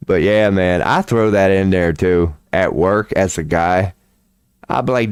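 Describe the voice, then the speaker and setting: A man chatting casually on his livestream, candid and profane, telling animated stories and acting out the voices of the people in them. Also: low-pitched, measured pace, smooth, no echo, studio quality. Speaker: tarot reader and streamer.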